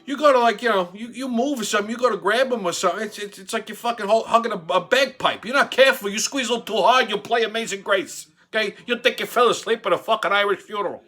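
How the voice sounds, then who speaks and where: A man's voice: high voice, fast talker, few pauses, sharp tone. A man, telling a crude, profane comic story as host and acting out the quotes. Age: 40s. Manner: brash, crude, swears constantly, acts out quotes. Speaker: show host. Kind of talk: profane comedic storytelling monologue.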